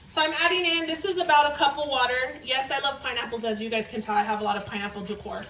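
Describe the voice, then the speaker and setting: A woman's voice: sits high, fast talker, hardly any pauses, sharp tone, roomy sound, distant mic, a little hiss or hum, poor audio. A young woman vlogging in her home kitchen, chatting casually and swearing freely as she tells a story while cooking. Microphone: camera away from the cook.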